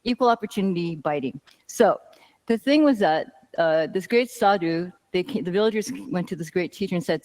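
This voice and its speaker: A woman's voice: fairly low pitch, lively intonation, fairly quick, a little mellow. Woman, yoga teacher, casual class talk, storytelling asides.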